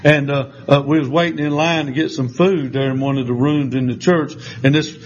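A man preaching a sermon, telling folksy stories in an animated, down-home way. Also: mid-range voice, brisk. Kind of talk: sermon with storytelling. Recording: slightly muffled recording with faint background hiss.

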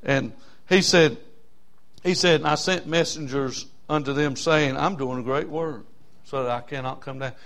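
Man preaching a fiery, folksy sermon, pitched high, quiet asides one moment and hollering the next. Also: normal speed. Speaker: pastor.

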